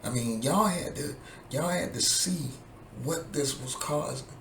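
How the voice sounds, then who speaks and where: A man vents in a slow, deliberate drawl, his voice gravelly and full of fry as he swears and repeats his points. The room is echoey, with a faint hum of ambience underneath. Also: on the high side, fairly bright tone. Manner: profane, heated, repetitive. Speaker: vlogger. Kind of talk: angry political rant to camera.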